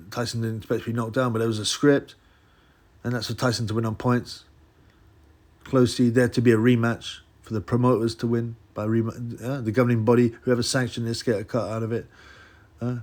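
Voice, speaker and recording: A man hosting his boxing channel, musing out loud in a rambling, casual way with many restarts. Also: mid-range voice. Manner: rambling, restarts, mock voices for quotes. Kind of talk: casual solo commentary.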